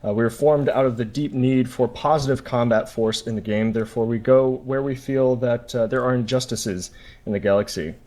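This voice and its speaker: Formal male guest giving a pitch. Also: a little fast, darkish tone. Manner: formal, speech-like delivery. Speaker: player group representative. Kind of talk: prepared pitch speech.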